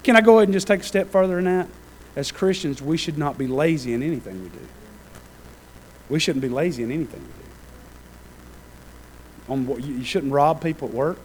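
A man preaching a sermon in a conversational way, with joking asides, then building to loud fervent peaks. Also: on the high side, animated, a little fast, pauses often, slight background noise, rough recording. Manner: conversational, self-deprecating asides with laughter. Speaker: pastor.

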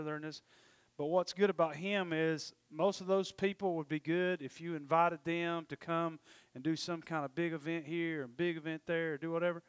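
A middle-aged man preaches, his voice high-pitched and smooth. He talks in a folksy, rambling way, full of self-deprecating asides. The sound is dry and close, with no room echo. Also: a bit bright. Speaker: pastor. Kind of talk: sermon. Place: church.

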